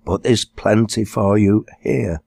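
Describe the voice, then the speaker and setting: A bossy but motherly farm wife, voiced by a man, speaking practically and briskly. The reading is close, with a dry sound. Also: on the low side, creaky, darkish tone, dry recording, full character voice.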